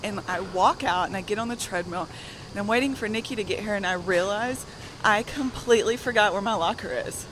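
A soft-spoken woman with a Southern accent telling a story while walking on a gym treadmill. She is out of breath and laughs between sentences. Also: medium pitch, a little fast. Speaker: guest. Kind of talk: casual storytelling. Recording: loud gym noise behind.

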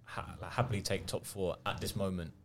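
A man's voice: sits low, level tone, fairly quick, fairly bright tone. A man on a football podcast panel giving casual, considered opinions about his team. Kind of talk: casual chat.

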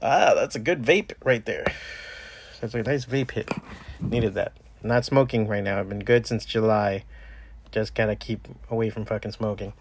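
A man's voice: lowish voice, normal speed, a little hiss or hum. A man hosting a podcast from home, talking in a loose, profane, rambling way with many restarts. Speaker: podcast host. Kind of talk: casual rambling monologue.

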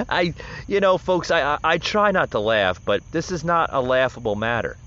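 A man's voice: medium pitch, expressive, moderate pace, a bit bright, lo-fi sound. A man hosting a podcast, ranting with passion in heated political commentary full of rhetorical questions. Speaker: podcast host.

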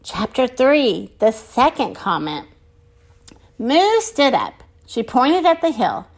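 A woman reading a children's chapter book aloud with expressive narration. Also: a little high. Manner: expressive and slow. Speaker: storybook reader.

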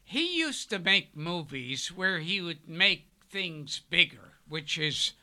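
An older man, a podcast guest, telling rambling stories in a halting way, with loud bursts of laughter. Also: a little high, animated. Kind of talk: casual storytelling chat.

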